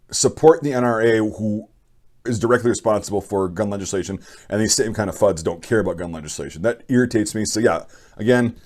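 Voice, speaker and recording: A man's voice: on the low side, a little mellow. A young man hosting his channel, bluntly giving opinions and reading viewer stories in a rambling, casual way. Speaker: channel host.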